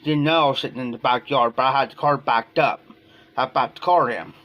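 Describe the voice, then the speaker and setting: An Ohio man hosting a live stream tells a long personal story, rambling and repeating "I said" between his quoted lines. His mid-range voice is fairly quick and fairly bright, with the highs cut off.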